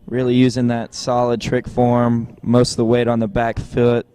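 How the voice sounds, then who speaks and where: A man's voice: medium pitch, normal speed, smooth, no echo. A man giving joking live commentary on a water ski tournament, with a wry, teasing delivery. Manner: wry, teasing, deadpan jokes.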